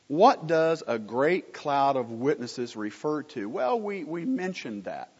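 A man's voice: a little high, sing-song, a little slow, hardly any pauses, slightly rough. A man preaching a sermon, asking the congregation questions and answering them himself in an emphatic teaching manner. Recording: muffled recording with long hall reverb.

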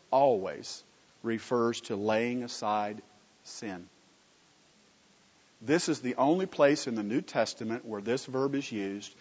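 Man preaching in a reverberant hall. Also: mid-range voice. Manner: conversational teaching, rhetorical questions to the congregation; sweeping swings in loudness between emphatic and quiet phrases. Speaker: pastor. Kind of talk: sermon. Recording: dull lo-fi recording with long hall reverb.

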